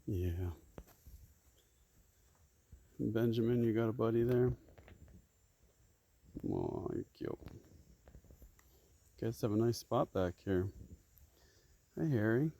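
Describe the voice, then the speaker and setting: A man chatting softly to his farm animals outdoors, doting and coaxing, filmed on a phone. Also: medium pitch, takes it slowly, creaky, pauses often. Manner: soft, doting, coaxing baby talk. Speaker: farmer talking to his animals. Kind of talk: casual chat to animals. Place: outdoors on a farm, shady pasture.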